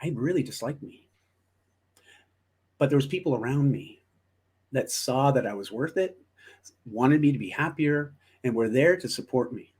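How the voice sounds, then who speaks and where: Guest, male, husky voice, encouraging and reflective, middle pitch. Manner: reflective, encouraging, many restarts. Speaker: guest, motivational speaker. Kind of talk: casual interview chat.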